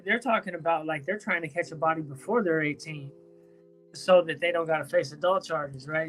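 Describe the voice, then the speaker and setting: Stoned male streamer at home, higher-pitched, loose profane slang, faint music underneath. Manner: loose, rambling, profane slang with many restarts. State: high from smoking weed. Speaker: streamer talking to chat. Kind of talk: casual live-stream chat. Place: at home, indoors.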